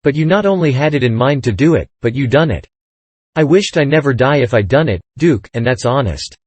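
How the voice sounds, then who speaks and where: A man's voice: mid-range voice, lively intonation, a little fast, a little mellow, breathy edge, dry recording. A man reading aloud, voicing a sly, sarcastic old male con-man king who wheedles. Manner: sarcastic, then pleading.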